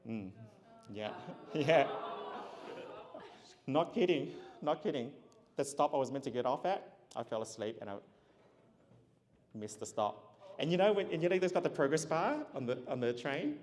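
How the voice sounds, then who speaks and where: Male keynote speaker with a mid-range voice, animated storyteller, recorded with long hall reverb. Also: medium pitch, normal speed, long pauses. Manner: animated, acts out dialogue, laughs often. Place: large event hall.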